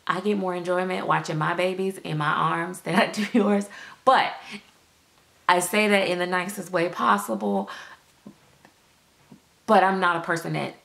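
A woman's voice: fairly low pitch, steady tone, moderate pace, gravelly, pauses often, fairly bright tone. A woman chatting candidly to her viewers, acting out the reactions she quotes. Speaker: doll collector vlogger. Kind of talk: casual chat to viewers.

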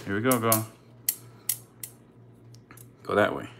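A man's voice: lowish voice, expressive, takes it slowly, gravelly, a bit bright, slight background noise. A man casually chatting to his live-stream viewers and his snakes while feeding them, in slangy, swearing talk. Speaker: reptile keeper streaming live. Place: indoors by snake enclosures.

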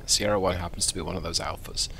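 A man's voice: low-pitched, steady tone, fast, bright, forceful tone, a little hiss or hum. A man casually commenting on his own submarine gameplay, chatty and self-deprecating, thinking aloud. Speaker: game video host.

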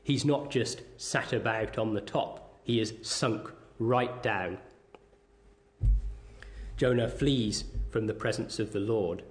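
A man preaching a sermon with a measured, deliberate delivery, reading scripture aloud and explaining it. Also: fairly low pitch.

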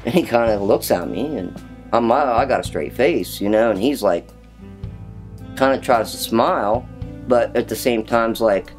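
A man telling a story about his house in a documentary, acting out the voices and knocking noises he recalls. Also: lowish voice. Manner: animated storyteller, acts out quoted voices and knocking sounds.

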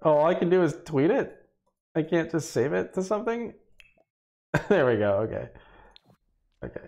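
A man's voice: on the high side, sing-song, moderate pace, darkish tone. A man streaming a game and chatting casually, laughing often and exclaiming at what happens on screen. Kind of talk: casual gameplay commentary.

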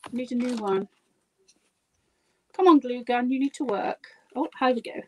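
Her voice pitched fairly high and her pace moderate, a guest crafter talks through a project in a live demo, giggling and making jokes at her own expense in a chatty way. The recording is rough, with a little hiss or hum.

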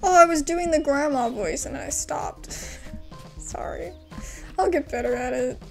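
A young woman casually commenting on her gameplay, chatty and quick to laugh. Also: high-pitched, creaky, soft background music. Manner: chatty, giggly, excitable. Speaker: gaming channel host.

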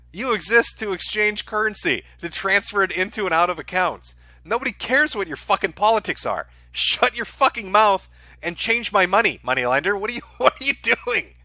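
Guy ranting on his stream, swears a ton, bright sharp voice, pretty high. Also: no room sound. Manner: profane, ranting. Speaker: streamer host. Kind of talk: live stream rant.

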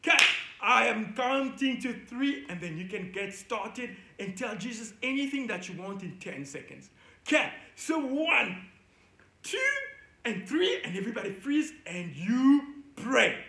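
A man with a very high, bright, forceful voice leads a children's Bible lesson with playful energy. He coaxes young listeners into call-and-response chants. The sound rings around an echoey indoor room. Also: lively intonation, a little slow. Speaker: children's church teacher.

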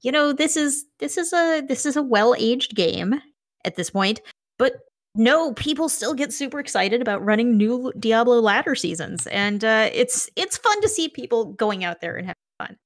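A woman co-hosting a gaming podcast, chatty and quick to laugh. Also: a little high, lively intonation. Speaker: podcast co-host. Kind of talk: casual podcast chat.

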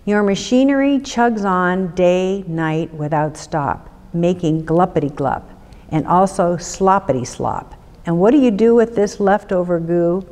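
A woman's voice: lowish voice, expressive, a little slow, warm tone, big-room sound. A woman reading as the Lorax, scolding creature. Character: grumpy small male forest creature, scolding.

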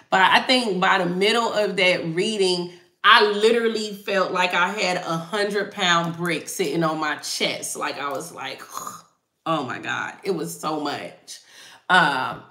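A woman chats with her live-stream viewers as a tarot reader. She talks slowly and loosely, laughing easily, and her voice has a bright, forceful edge. The sound is roomy and echoey. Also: medium pitch. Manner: chatty, laughs easily, reads out viewer comments.

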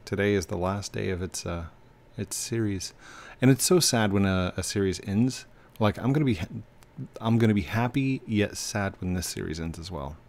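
Over game music, a man hosts a relaxed let's-play, chatting away, muttering to himself, and restarting now and then. He speaks at a moderate pace in a lowish, slightly mellow voice.

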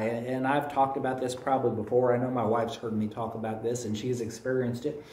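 A man's voice: medium pitch, level tone, a little fast, darkish tone, a little hiss or hum. A man with a Kentucky accent preaching a sermon as pastor of a church, telling folksy stories with repeated phrases. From United States. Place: church sanctuary. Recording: echoey room, voice from a distance.

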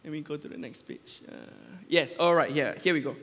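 Malaysian English male lay preacher, chatty and self-interrupting, slightly raised pitch, recorded with reverb in a church hall. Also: a little fast, a bit bright. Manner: chatty, joking, full of restarts. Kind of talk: casual conversational sermon.

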